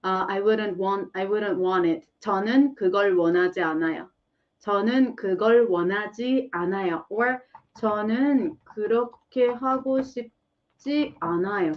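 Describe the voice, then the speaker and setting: A woman's voice: medium pitch, rapid-fire, recorded from a distance, highs cut off. A woman whose first language is Korean, teaching a live online lesson and answering viewer questions, laughing often and repeating phrases.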